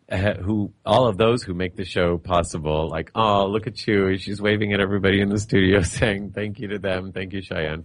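A man with a low voice and a non-native accent hosts a studio chat show. He talks in a playful, halting way, restarting his sentences and laughing often. The sound is close and dry. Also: dry recording. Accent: non-native English accent. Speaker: talk show host.

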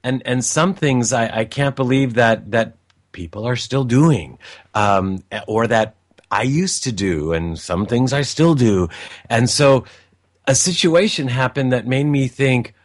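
A man's voice: mid-range voice, measured pace, no room sound, clean studio sound. A man telling a personal family story in a reflective, meandering way, with frequent restarts and asides.

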